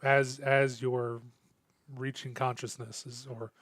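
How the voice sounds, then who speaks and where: A man narrates a tabletop game as its game master, his pitch hardly moving. He stops and restarts often, hunting for words. The sound is dry and close. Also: level tone, a bit bright, no echo. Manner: halting, many fillers and restarts.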